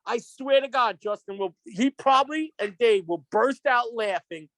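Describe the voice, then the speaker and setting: A man telling profane stories as a podcast guest, animated and laughing as he goes. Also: extremely high pitch, normal speed, no echo. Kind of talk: casual podcast storytelling.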